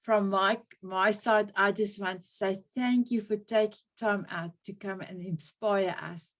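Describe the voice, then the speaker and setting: A woman hosts an online women's group over a video call. She talks in an effusive, rambling way, restarting her sentences often. Her pitch is in the middle range for a woman. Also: steady tone, unhurried. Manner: effusive, warm thanks, frequent laughs and restarts. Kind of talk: casual video call chat.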